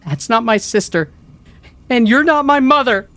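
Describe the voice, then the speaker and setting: A man's voice: high voice, fairly even intonation, measured pace, mellow, breathy edge, voice pushed up, full character voice. A man voicing a frightened young daughter whose voice cracks as she calls through a locked door in a horror story. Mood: screaming. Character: terrified young daughter hiding in a bathroom.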